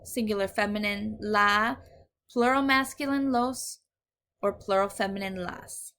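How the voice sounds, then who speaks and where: A woman's voice: medium pitch, fairly bright tone. Patient woman teaching Spanish. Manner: patient, explains step by step, switches between English and Spanish. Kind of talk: recorded grammar lesson.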